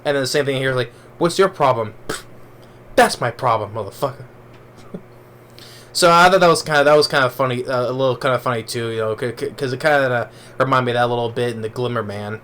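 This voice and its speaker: A man's voice: mid-range voice, steady tone, quick pace, a bit bright, a little hiss or hum. A man giving a casual spoken movie review, rambling along with many restarts and fillers.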